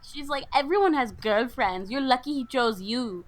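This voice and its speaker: A young American woman co-hosting a podcast, retelling a movie's plot in a lively, indignant way. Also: high-pitched, moderate pace. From United States. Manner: animated, indignant storytelling with quoted lines. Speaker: podcast co-host. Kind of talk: casual movie recap chat.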